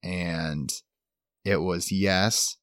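A man's voice: low-pitched, fairly even intonation, very slow, a bit bright, dry recording, clean studio sound. A man co-hosting a podcast, talking in an upbeat, rambling way with lots of fillers. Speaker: podcast co-host. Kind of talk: casual chat.

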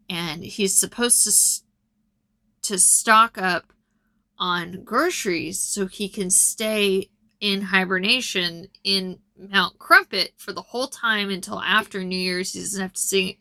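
A woman's voice: medium pitch, bright, forceful tone, no echo. A woman retelling a film's plot in a casual, rambling chat with frequent ums. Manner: chatty and rambling, lots of ums.

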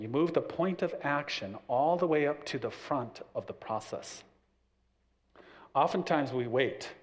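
A man giving a church parenting talk, explaining his points through stories with acted-out voices. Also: medium pitch. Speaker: parenting class teacher.

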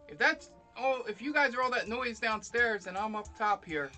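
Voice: mid-range voice, animated, moderate pace, pushed and bright, faint music behind, voice pushed up. A game master voicing a young female genasi held captive in a cage, who calls out anxiously to the party for help. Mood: calling out.

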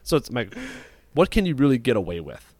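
Man, podcast host, quick rambling chat, swears freely, dry close sound. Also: medium pitch, sing-song, a little mellow, no echo. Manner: rambling, profane storytelling with frequent restarts. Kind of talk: casual chat.

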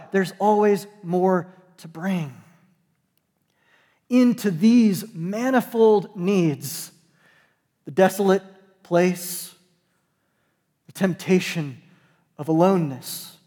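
A man, a pastor, preaching a sermon in a conversational, joking way, with dramatic slow pauses. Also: high-pitched, a little mellow, big-room sound. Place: church sanctuary.

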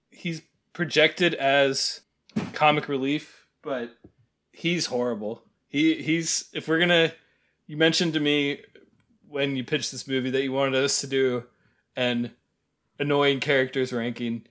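A man's voice: mid-range voice, a little slow. A man co-hosting a podcast, talking casually about a film with plenty of fillers. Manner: relaxed, agreeable, filler-heavy. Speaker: podcast co-host. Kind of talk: casual film review chat.

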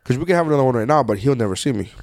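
A man's voice: mid-range voice, animated, rapid-fire, darkish tone, no room sound. A man hosting a podcast in casual chat, blunt and joking, often talking over his guest. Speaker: podcast host.

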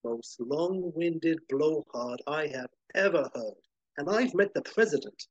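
A man's voice: a little high, animated, measured pace, darkish tone, dry recording, dull audio. A man voicing a stoic male superhero who speaks tersely and steadily, with dry wit. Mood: firm.

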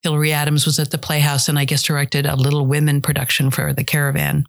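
A woman's voice: low-pitched, completely flat delivery, fast, gravelly. A middle-aged woman who coaches dialects and directs theater, chatting in an interview and telling stories with restarts. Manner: chatty storyteller, trails off and restarts. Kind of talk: casual interview conversation.

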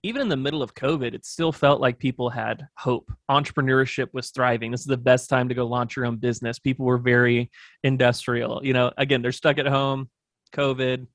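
A man's voice: medium pitch, fairly even intonation, fairly quick, fairly bright tone, no echo, studio quality. A man guesting on an interview show, talking through business plans in a thoughtful, rambling way with lots of fillers. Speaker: agency owner, podcast guest. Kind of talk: casual interview talk.

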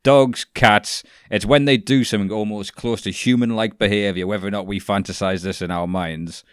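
Low, smooth-voiced man in casual chat. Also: moderate pace, dry recording, studio quality. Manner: animated, swearing, laughs at own jokes.

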